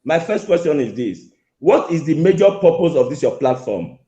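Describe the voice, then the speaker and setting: Over an echoey, low-fidelity phone connection, a man calls a show to complain angrily. Mellow, on the high side and very animated, he speaks at normal speed, repeating himself and cutting across the host.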